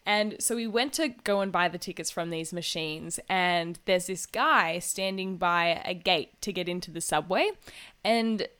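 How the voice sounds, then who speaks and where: A woman's voice: lowish voice, unhurried, a bit bright, clear, resonant tone. A young Australian woman co-hosting a podcast, telling a story in a chatty, casual way with lots of "like" and frequent laughter. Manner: chatty, laughs often, many "like" fillers. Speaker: podcast co-host.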